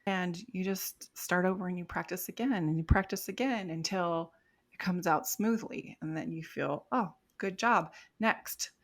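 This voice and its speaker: A woman's voice: on the low side, moderate pace. A middle-aged woman, a life coach guest on a podcast, talking reflectively and laughing lightly as she explains. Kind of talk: casual podcast interview.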